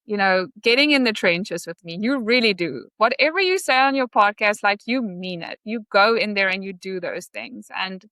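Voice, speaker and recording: A woman on a podcast, gushing and grateful as she talks, full of fillers. Her voice is bright and crisp, and the recording is close and dry. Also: mid-range voice, lively intonation, normal speed, hardly any pauses, no echo. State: emotional. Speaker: podcast guest. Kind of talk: casual interview conversation.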